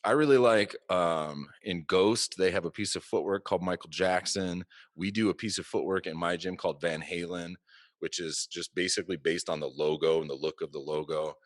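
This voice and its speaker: A man's voice: low voice, normal speed, dry recording, clean studio sound. A man who hosts the discussion and runs a martial arts gym, leading the talk in a thoughtful, casual way. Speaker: host. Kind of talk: casual chat.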